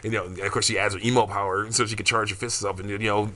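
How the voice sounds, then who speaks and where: Male, low and bright, loose rambling monologue, laughs often. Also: steady tone, racing. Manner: rambling, many fillers, frequent laughs. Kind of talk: casual monologue about his fan story.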